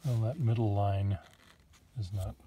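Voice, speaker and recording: A man's voice: on the low side, a little slow, dark tone, a little hiss or hum. A man casually showing his collection of old pens, rambling with joking asides. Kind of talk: casual show-and-tell.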